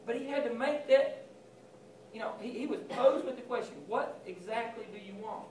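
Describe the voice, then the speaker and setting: A man's voice: very high-pitched, moderate pace, darkish tone, slight background noise. A man giving an informal chapel sermon to school students, talking conversationally and acting out Bible scenes in quoted voices. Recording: echoey chapel from far off.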